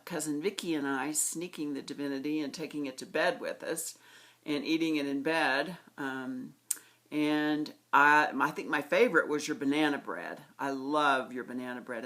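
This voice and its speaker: A middle-aged woman recording a personal birthday message to her aunt, reminiscing fondly and slowly with pauses. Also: low-pitched, a bit bright. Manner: fond, reminiscing, slow with pauses. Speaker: niece giving a birthday tribute.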